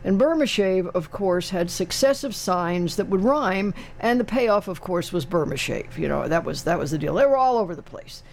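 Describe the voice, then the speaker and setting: A man's voice: high-pitched, lively intonation, moderate pace, creaky, few pauses. An older man hosting a radio call-in show, chatting casually in a wry, rambling way with many fillers. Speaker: radio talk show host. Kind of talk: casual chat.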